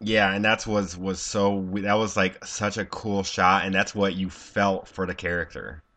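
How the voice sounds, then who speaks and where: A man's voice: sits low, level tone, normal speed, sharp tone. A man in casual chat about a film, laid-back, swearing and chuckling. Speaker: movie discussion co-host.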